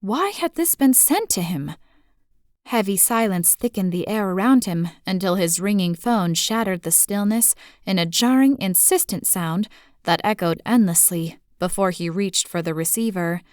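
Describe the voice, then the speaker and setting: A woman narrating a romantic suspense audiobook in a steady, even storytelling manner. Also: mid-range voice, normal speed, no room sound, clean studio sound.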